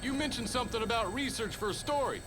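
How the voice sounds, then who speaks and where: An actor playing a chatty, folksy helicopter pilot in a video game cutscene. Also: male voice, extremely high pitch, lively intonation, fast. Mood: curious. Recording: game audio over helicopter noise.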